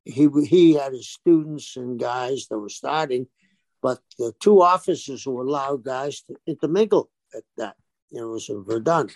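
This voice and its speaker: A man's voice: medium pitch, moderate pace, gravelly, no echo. A man, a former pro wrestler, telling stories in a casual interview and acting out the dialogue as he goes. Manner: animated storyteller who acts out quoted dialogue.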